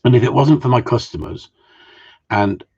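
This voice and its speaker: A man's voice: mid-range voice, normal speed, gravelly, mellow, slightly rough, highs cut off. A middle-aged man who trains gundogs, hosting a casual live-stream Q&A and ranting bluntly, swearing freely as he rambles through his opinions. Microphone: live-stream mic.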